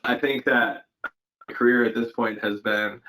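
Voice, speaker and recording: A man's voice: medium pitch, steady tone, a little slow, sharp tone, slight background noise, low-quality recording. A man, an actor, answering interview questions in a thoughtful, hesitant way, with many fillers and restarts, recorded from home. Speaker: actor guest. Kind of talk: casual interview over video call. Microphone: home setup during lockdown.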